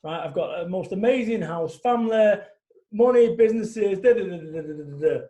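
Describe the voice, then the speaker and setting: A man's voice: high voice, lively intonation, a little fast, dark tone. A man in his forties, a guest speaker talking bluntly and animatedly in a casual interview, swearing freely. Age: 40s. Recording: echoey room.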